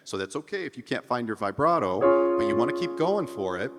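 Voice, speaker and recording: A man teaching a singing lesson, explaining techniques between high vocal demonstrations and checking in with his students. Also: big pitch swings, a little fast, big-room sound, over loud music. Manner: sings high falsetto vowel drills between explanations; encouraging, checks in with "okay?". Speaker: vocal coach.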